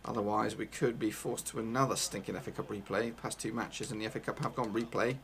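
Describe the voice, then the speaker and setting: A man commentating his own football video game live, excitable and casual, swearing and talking to his viewers. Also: fairly low pitch, quick pace, vocal fry, a little hiss or hum. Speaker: gaming YouTuber.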